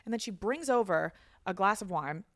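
A woman's voice: mid-range voice, animated, moderate pace. A woman hosting a podcast, telling a rambling story in casual chat, swearing freely and saying "dude" often. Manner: rambling with restarts. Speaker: podcast host.

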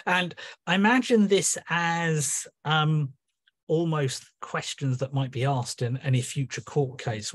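A man's voice: mid-range voice, breathy edge, no echo. Man, poetry reading, hesitant asides, video call from home, dry sound. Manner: casual, hesitant asides with many ums. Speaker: guest poet reading his work. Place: room at home.

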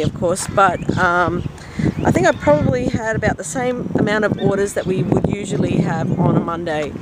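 A woman talks into her camera while strolling past a pond, rambling and chatty with plenty of fillers. Her pitch sits in the middle of the range, and the outdoor noise behind her comes through clearly. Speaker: vlogger. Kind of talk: casual walking vlog. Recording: noisy outdoor recording.

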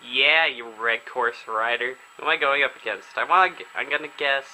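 A young man casually commenting on a video game as he plays, chatty and excitable. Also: medium pitch, a little fast, a little hiss or hum, poor audio. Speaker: gaming video host. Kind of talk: casual let's play commentary. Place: indoors at home, filming himself.

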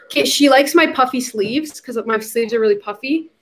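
A woman's voice: sits high, moderate pace, a bit bright. A young adult woman hosting a casual livestream, chatty and giggly, slipping into baby talk with her puppy. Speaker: livestream host.

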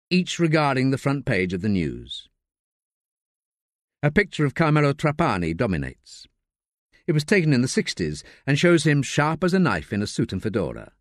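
Expressive male audiobook narrator. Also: medium pitch, no echo, studio quality. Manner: expressive storytelling. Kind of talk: scripted narration.

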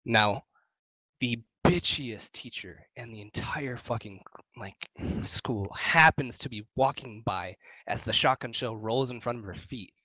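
A man's voice: medium pitch, unhurried, pushed and bright, dry recording. A young man from Wisconsin telling a story in casual, profane podcast chat. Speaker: podcast co-host.

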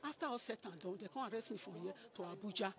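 A woman's voice: medium pitch, very fast, fairly bright tone. A middle-aged woman with a Nigerian Pidgin English accent, giving an emotional spoken testimony and acting out what others said to her.

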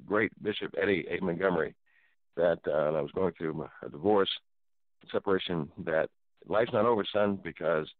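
Animated preacherly man telling a story. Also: deep voice, no room sound. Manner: animated preacherly, exclaims often. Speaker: talk show host. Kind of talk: casual storytelling. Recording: dry tinny phone-like sound.

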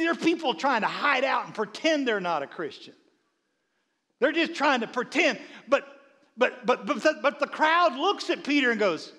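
A man preaching a sermon as a bishop, animated, with frequent stammered restarts and quiet asides. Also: sits high. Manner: drops into quiet asides and quoted voices. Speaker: bishop and pastor.

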